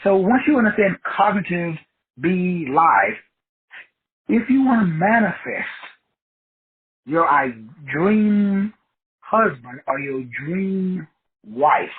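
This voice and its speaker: Husky man on a tinny line. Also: high voice, lively intonation, slow pace, long pauses. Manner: preachy, wordplay-driven, repeats phrases for emphasis. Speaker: podcast host. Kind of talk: motivational talk show monologue.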